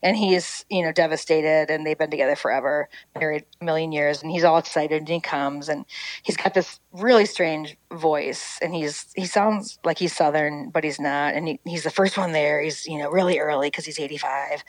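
A woman with a somewhat low voice tells a story in lively, casual chat. The sound is dry and close, with no room around her. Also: normal speed, dry recording, rough recording. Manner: lively, acts out quotes in a higher voice. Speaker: storyteller guest.

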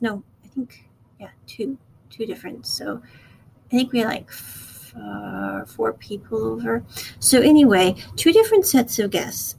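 A woman's voice: on the high side, a little mellow, slightly rough, poor audio. A woman chatting casually as she recaps and reviews a drama episode, rambling and acting out the characters' lines. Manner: chatty, rambling, acts out quotes. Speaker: show reviewer.

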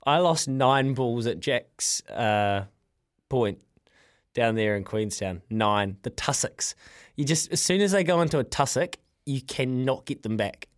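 A man's voice: medium pitch, lively intonation, a little slow. A man hosting a casual radio chat, joking and self-deprecating. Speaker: radio host.

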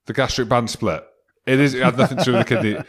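A man's voice: medium pitch, steady tone, quick pace. A Scottish man cohosting a podcast, teasing his partner with mock interrogation in casual banter. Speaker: podcast co-host.

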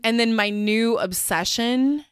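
A woman's voice: fairly high pitch, slow, clear, resonant tone, no echo, clean studio sound. A woman hosting a podcast, chatting frankly and expressively with plenty of swearing. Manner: blunt, expressive and profane. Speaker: podcast host. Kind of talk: frank casual chat.

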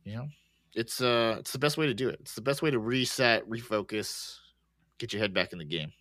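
A man co-hosting a podcast, chatting casually and relaxed about a movie, swearing easily and restarting his sentences. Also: medium pitch, brisk, no echo. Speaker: podcast co-host. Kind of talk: casual movie-recap chat.

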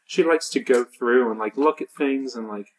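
Woman player at a tabletop game, super low voice, thinking out loud with lots of restarts. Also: normal speed, poor audio. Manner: thoughtful, hesitant, lots of restarts. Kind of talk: casual tabletop role-play chat.

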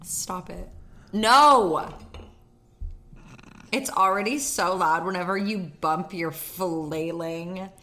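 A woman co-hosting a podcast in casual chat, blunt and outspoken in how she talks. Her voice sits a little low, and she takes her time with her words. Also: steady tone, slow, few pauses, sharp tone. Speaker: podcast co-host.

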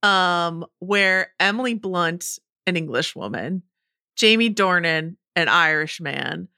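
A woman's voice: fairly low pitch, takes it slowly, sharp tone, clean tone, no echo, studio quality. A woman co-hosting a podcast in casual chat, enthusiastic, laughing often and swearing freely. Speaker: podcast co-host.

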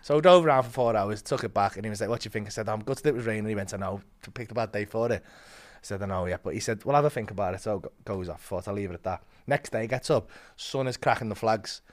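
A man telling a story as a comedian guest, swearing a lot and acting out quotes with big swings in loudness. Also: lowish voice, fast, few pauses. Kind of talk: animated storytelling.

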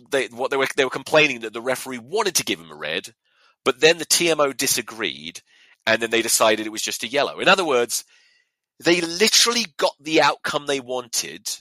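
Lively, ranting young man. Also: on the low side, no room sound. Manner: lively, profane, ranting with mock voices. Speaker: podcast host. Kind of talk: casual rant about rugby.

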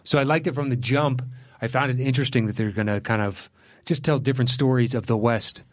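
A man with a mid-pitched voice talks through films on a podcast in an easygoing, conversational way, often apologizing as he goes. The recording is close and dry, with no room sound. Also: a little fast, no echo. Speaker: podcast co-host. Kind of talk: casual movie chat.

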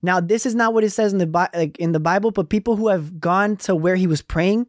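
A young man co-hosting a casual faith podcast, telling Bible stories with lively acted-out quotes. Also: high voice, brisk, no room sound, studio quality. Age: young adult. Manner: animated storytelling with acted quotes. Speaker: podcast co-host.

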